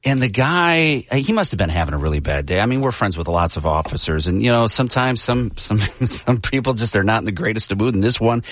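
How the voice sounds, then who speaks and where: A man hosting a morning radio show, telling a story in a casual, animated way. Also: brisk, hardly any pauses, dry recording. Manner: animated storyteller, voices the cop in a loud high voice.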